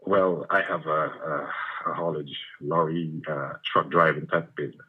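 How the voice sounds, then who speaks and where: Male phone-in caller, very low and breathy, hesitant, tinny line. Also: steady tone. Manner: halting, many fillers. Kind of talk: phone-in call.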